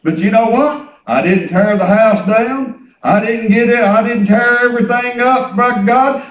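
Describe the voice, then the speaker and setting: Man, preacher, folksy sermon, high voice, distant mic, roomy church echo. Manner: folksy storytelling preacher, acts out dialogue. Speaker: pastor. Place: church hall.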